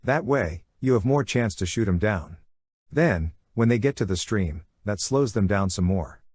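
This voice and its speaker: A man's voice: fairly low pitch, lively intonation, a little slow, a little mellow, breathy edge, no room sound, studio quality. A man reading the lines of an earnest soldier who speaks plainly and urgently.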